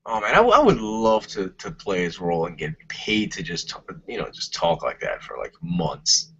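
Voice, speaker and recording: A laid-back man co-hosts a podcast over a remote call, his low voice a bit husky and swinging up and down lively as he talks. He drops "man" and "dude" into nearly every line. The audio is dull and lo-fi. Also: moderate pace, slight background noise. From Puerto Rico. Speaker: podcast co-host. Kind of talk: casual chat.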